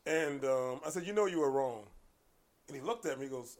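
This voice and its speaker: A man telling stories in a casual podcast conversation, animated and acting out the exchanges he recounts, with frequent restarts. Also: medium pitch, a little fast. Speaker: podcast guest, martial arts coach.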